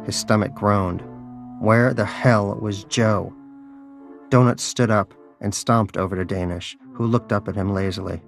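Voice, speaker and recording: A low-pitched man narrating an audiobook in a dry, wry storytelling manner. Faint music plays quietly behind his voice. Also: fairly even intonation, a little slow, gravelly, dry recording.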